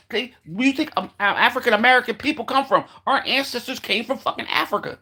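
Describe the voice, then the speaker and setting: A man's voice: very high-pitched, expressive, fast talker, few pauses, bright, forceful tone, slightly rough. A man delivering a heated, profane monologue, repeating himself as he rants. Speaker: commentator. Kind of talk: ranting monologue.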